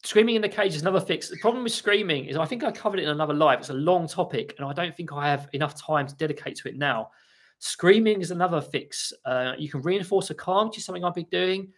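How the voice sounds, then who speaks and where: A man hosting a casual livestream, answering viewers' questions in a chatty way with frequent restarts. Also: fairly high pitch. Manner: chatty, restarts often, talks to his birds between answers. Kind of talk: casual live chat. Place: home room with parrots.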